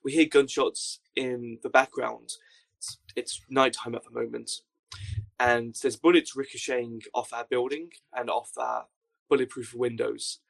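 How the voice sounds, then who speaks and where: A young man telling a story as a podcast guest, with dry, deadpan understatement. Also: medium pitch, a little slow, gravelly. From Wales. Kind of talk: casual storytelling anecdote.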